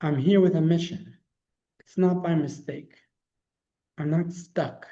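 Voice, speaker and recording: A man teaches a religious class as its rabbi, telling stories in a loose, conversational way and often restarting his sentences. His voice sits a little high but sounds dark and mellow. The recording is dull and lo-fi. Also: steady tone, takes it slowly. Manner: conversational storytelling with frequent restarts. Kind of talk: storytelling lesson.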